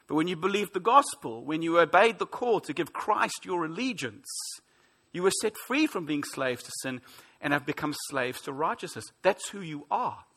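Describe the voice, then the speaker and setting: A man's voice: on the high side, sharp tone, husky. A man in his forties preaching a sermon, earnest and emphatic, with rhetorical questions. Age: 40s. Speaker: pastor.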